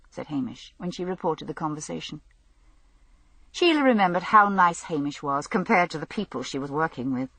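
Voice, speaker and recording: A woman narrating an audiobook mystery in an expressive storytelling manner. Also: sits low, normal speed, slightly rough, no room sound. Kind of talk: scripted narration.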